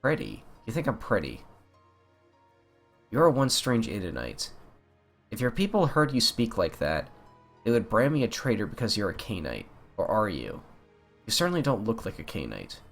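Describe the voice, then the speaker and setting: A man reading out a guarded, curious captive young woman from a video game, part alien by birth. The reading is plain and unhurried, in a low voice that rises and falls freely, with soft game music underneath. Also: huge pitch swings, gravelly, heavily acted. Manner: reads game dialogue aloud plainly.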